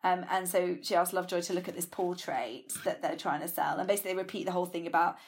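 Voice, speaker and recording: A woman co-hosting a podcast, recapping plots casually with many fillers. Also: on the low side. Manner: rapid plot recaps with fillers. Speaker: podcast co-host. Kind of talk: casual chat.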